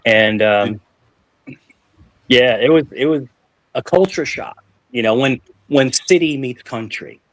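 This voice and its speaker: A man's voice: medium pitch, slow, long pauses, no echo. Chatty New man telling stories. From New York. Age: 40s. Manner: rambling storyteller, chatty with lots of fillers and restarts. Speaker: show host. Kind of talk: casual panel chat.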